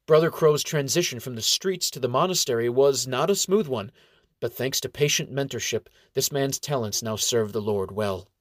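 A man reading a story aloud in an even, steady narrating voice. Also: medium pitch, normal speed, dry recording, clean studio sound.

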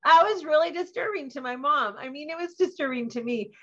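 A woman co-hosting a podcast in casual chat, reflective and relaxed, laughing easily. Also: high-pitched, brisk, highs cut off. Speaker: podcast co-host, communication course teacher.

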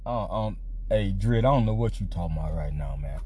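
A man's voice: lowish voice, big pitch swings, brisk, darkish tone, slightly rough, no echo. A man hosting a podcast in a loose, profane, joking monologue. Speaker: podcast host. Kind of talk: casual monologue.

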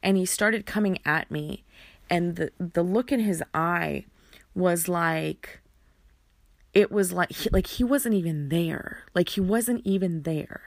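A woman telling a personal story in a halting way, often repeating words and using fillers. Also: lowish voice, vocal fry, dry recording, studio quality.

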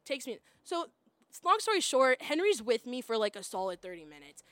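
Animated high-voiced young woman storyteller. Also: fairly quick, dry recording. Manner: animated, acts out quoted voices, laughs often. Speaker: guest storyteller. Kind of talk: casual storytelling chat.

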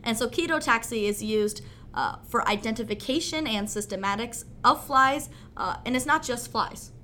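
A woman's voice: on the high side, moderate pace, pushed and bright, slight background noise. A woman co-hosting a podcast, explaining facts plainly in casual chat with "uh" and "um" fillers. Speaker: podcast co-host.

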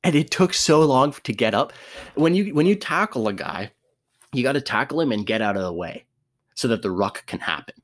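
A man's voice: medium pitch, animated, fairly quick. A young man telling a sports story casually, laughing often, swearing and restarting his sentences.

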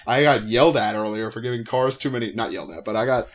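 A man's voice: fairly low pitch, fast. A man co-hosting a podcast, chatting in an easygoing way with frequent "uh"s in a home basement. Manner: relaxed, easygoing, with frequent fillers. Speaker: podcast co-host. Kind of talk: casual chat among friends.

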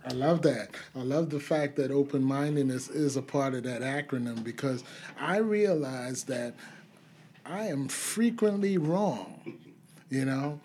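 A man's voice: mid-range voice, a little slow, darkish tone, a little hiss or hum. A man speaking frankly and bluntly about his drinking past in a casual podcast chat, laughing easily.

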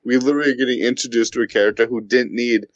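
A man's voice: mid-range voice, steady tone, rapid-fire, no echo, lo-fi sound. A man co-hosting a casual comic book podcast, speaking bluntly and critically. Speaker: podcast co-host.

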